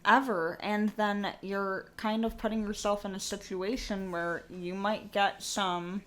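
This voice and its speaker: A woman's voice: medium pitch, fairly even intonation, a little slow. Rambling woman podcast co-host. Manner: rambling, trailing restarts, frequent fillers. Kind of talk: casual chat.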